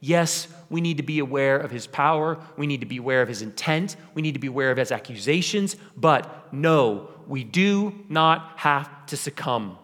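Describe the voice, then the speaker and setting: Impassioned preacher in a reverberant sanctuary. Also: male voice, mid-range voice, lively intonation, normal speed, few pauses, fairly bright tone. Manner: impassioned, repetitive preaching cadence. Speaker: pastor. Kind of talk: sermon. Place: church sanctuary.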